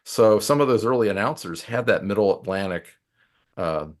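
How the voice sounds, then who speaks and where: A man, a guest on a podcast, chiming in with short asides and calm explanations. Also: fairly low pitch, moderate pace. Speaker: podcast guest, former DJ turned lawyer. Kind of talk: casual podcast chat.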